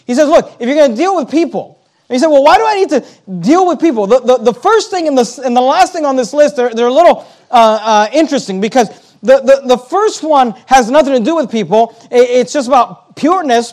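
A man's voice: very high-pitched, animated, brisk. A man preaching a sermon, emphatic, asking rhetorical questions and reading scripture aloud in King James wording.

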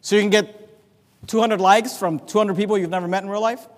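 A man preaching a sermon, swinging between loud, impassioned emphasis and quieter asides. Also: high-pitched, fairly even intonation, brisk. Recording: long reverb of a large hall.

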